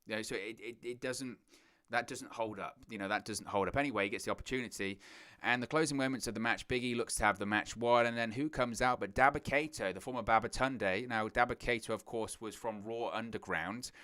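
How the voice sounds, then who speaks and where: A man's voice: medium pitch, a little fast. A man talking through a wrestling show in a loose, unscripted opinion monologue. His voice sits in the middle register and keeps doubling back on phrases. When he mocks someone, his voice jumps sharply upward. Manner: animated, repeats phrases, voice jumps up when mocking.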